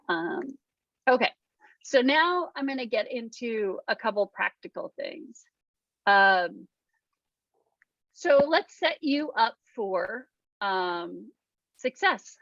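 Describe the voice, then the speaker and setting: A woman's voice: medium pitch, a bit bright, dry recording. A woman life coach leading a small workshop in a chatty, casual way, with many ums and little acted-out quotes. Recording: dull lo-fi dry sound.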